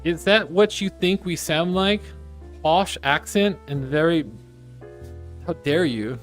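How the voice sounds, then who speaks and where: A man's voice: on the high side, slow, fairly bright tone, faint music behind. A man voicing a prim, offended posh British person with a put-on posh accent and overly careful pronunciation. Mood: indignant.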